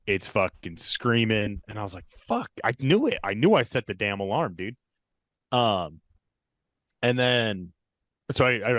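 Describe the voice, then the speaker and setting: A man's voice: on the low side, fairly bright tone, no room sound, studio quality. A young man casually retelling a spooky story, full of swearing and quoted dialogue. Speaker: podcast storyteller.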